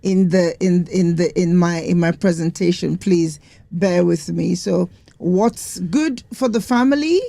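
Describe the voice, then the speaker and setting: A female co-host speaks slowly and carefully in a casual chat, her higher voice gravelly with fry. Her tone is warm and mellow, recorded dry and close. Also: no room sound. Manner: slow, careful and hesitant.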